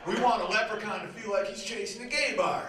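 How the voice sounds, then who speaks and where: A man's voice: high voice, fast, a crowd in the background. A man doing a crude, riffing stand-up routine on a comedy club stage. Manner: crude, riffing, bouncy delivery. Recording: very echoey, distant, noisy live recording.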